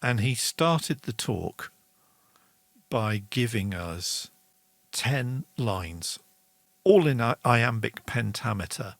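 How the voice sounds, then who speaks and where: Explaining meter in a relaxed online songwriting class, a middle-aged male host speaks slowly and expressively at medium pitch, with vocal fry and frequent pauses. The recording has no room sound. He's chatty and upbeat, reading out viewer comments and singing rhythm syllables.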